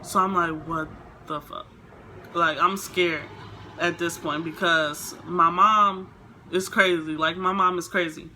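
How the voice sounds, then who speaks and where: A woman's voice: fairly low pitch, measured pace, a little hiss or hum. A young woman vlogger telling a storytime in a casual, rambling way, full of fillers. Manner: rambling, filler-heavy, animated retelling.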